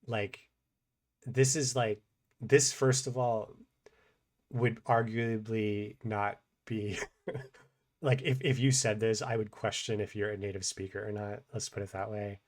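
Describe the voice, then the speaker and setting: Male teacher, low voice, casual think-aloud grammar explainer. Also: fairly even intonation, a little slow. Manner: thinks aloud with many fillers and restarts. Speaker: language teacher.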